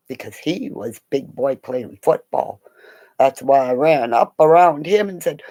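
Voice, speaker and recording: Middle-aged woman rambling on, gravelly voice, talks slow, swears a lot, drops to a whisper now and then. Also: low voice, mellow. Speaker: vlogger. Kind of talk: rambling casual monologue.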